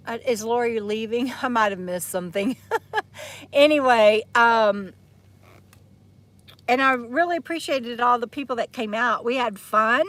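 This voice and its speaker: A woman's voice: on the high side, a bit bright. A woman from Texas, chatting casually and rambling on a live stream while sitting outdoors by an RV, laughing often and talking into a handheld phone. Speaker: vlogger hosting a live chat. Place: outdoors in the shade beside an RV.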